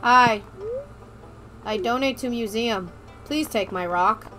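A woman hosting a casual co-op gaming session, goofy and excitable, joking around with friends over a voice chat mic. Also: on the high side, slow pace, over music. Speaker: let's play host. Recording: noisy background hiss.

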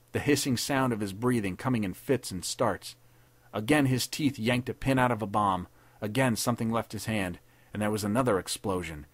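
Brief: male podcast narrator, steady dramatic pulp reading, deeper side, dead-dry recording. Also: dry recording. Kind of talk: scripted narration of a pulp story.

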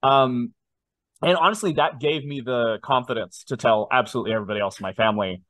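A man in his twenties, telling a personal story in a casual interview with animated, self-deprecating asides. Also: mid-range voice, quick pace, dry recording. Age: 20s. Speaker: guest.

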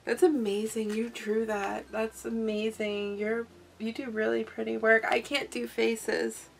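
A woman hosting a craft unboxing vlog, talking in a soft, gushing, effusive way. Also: on the high side, flat delivery, a little slow, vocal fry, slight background noise. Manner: gushing, effusive, frequent gasps and laughs. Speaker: craft channel host.

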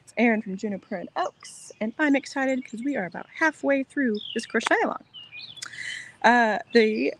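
A soft-spoken woman hosting a casual crochet livestream outdoors in the sun, chatting in a rambling, reassuring way. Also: a little high, moderate pace, slight background noise. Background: birds chirping.

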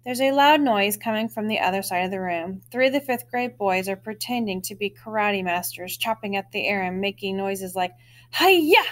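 A woman reading a children's chapter book aloud, with expressive storytelling and lively lifts in her voice. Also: medium pitch, a little fast, few pauses.

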